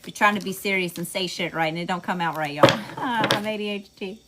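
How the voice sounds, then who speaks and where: Speaking fairly quickly at medium pitch over heavy background noise, this tarot reader has a Southern US accent. She keeps the reading casual and chatty, cursing freely, tossing out plenty of y'alls and laughing at her own remarks.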